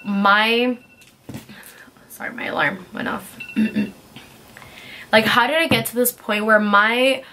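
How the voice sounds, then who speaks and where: A young woman vlogger telling a casual storytime in an animated way, filling her speech with "like" and acting out what people said. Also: a little high, slow, long pauses, a little hiss or hum. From California. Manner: animated, heavy use of "like", acts out quotes.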